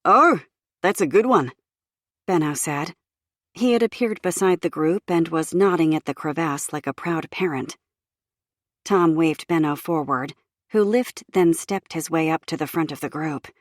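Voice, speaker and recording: Woman reading a thriller audiobook, low voice, super dry booth sound. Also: moderate pace, darkish tone, no room sound. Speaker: audiobook narrator. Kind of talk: scripted audiobook narration.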